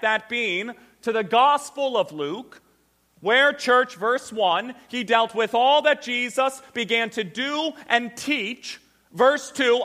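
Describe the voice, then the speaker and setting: A man's voice: very high voice, long reverb tail. A man preaching a sermon in a church, reading scripture aloud and repeating his points with emphasis. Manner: quiet, subdued prayer. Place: church sanctuary.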